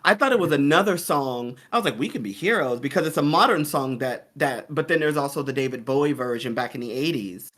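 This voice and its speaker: A man's voice: medium pitch, expressive, brisk, hardly any pauses, a bit bright. A man in casual discussion, rambling and thinking aloud with lots of fillers. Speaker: discussion panelist. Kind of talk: casual chat.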